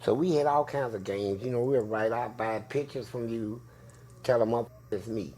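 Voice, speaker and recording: A man in an interview telling prison stories in a loud, profane way, acting out voices. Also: normal speed. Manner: profane, acts out voices with big pitch jumps. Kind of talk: animated storytelling.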